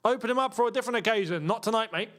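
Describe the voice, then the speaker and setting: A man's voice: high-pitched, rapid-fire, a bit bright. Joking man hosting a football watchalong. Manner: joking, laughs often. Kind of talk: casual live match commentary.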